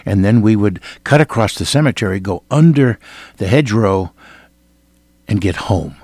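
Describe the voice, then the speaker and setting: An older man from Iowa preaching a sermon, telling a personal testimony with earnest, dramatic swings between loud and hushed delivery. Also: lowish voice, lively intonation, moderate pace, no room sound. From Iowa, United States.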